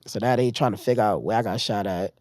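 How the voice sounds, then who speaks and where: Animated New man telling a story. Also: fairly low pitch, quick pace, dry recording. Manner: animated retelling, acting out others' lines. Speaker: podcast guest. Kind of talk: casual storytelling.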